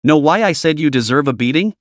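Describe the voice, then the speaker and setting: An icy young woman, contemptuous and cutting, scolding a rival in a storybook recap, as a male narrator puts her on. The read is lively in pitch, a touch high, with a dry close sound. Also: brisk, dry recording, lightly acted.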